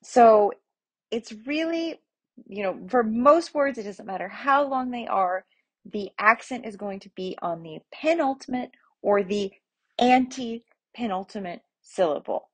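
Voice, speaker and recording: A woman teaching pronunciation in a relaxed spoken lesson, patient and explaining step by step with examples. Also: on the high side, measured pace, husky. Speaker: Latin teacher.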